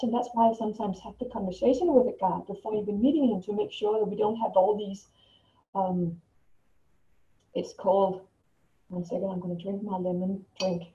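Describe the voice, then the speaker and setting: A woman vlogger tells a casual personal story to the camera in a dark, mid-range voice. She rambles, often restarting and repeating words. The sound is roomy, distant, and dull, with an echoey lo-fi quality.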